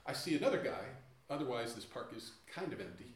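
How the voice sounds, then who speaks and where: Male live storyteller, wry and self-deprecating, stumbles and restarts often; boomy room, mic well away from him. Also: big pitch swings, a little hiss or hum. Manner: halting, self-mocking, frequent restarts. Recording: echoey room, distant mic.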